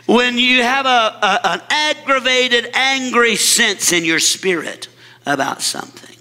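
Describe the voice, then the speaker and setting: A man preaching a sermon, speaking with emphasis and dropping low and slow when he quotes scripture. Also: expressive, bright, forceful tone, clean tone, big-room sound. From mid-Missouri. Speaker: pastor.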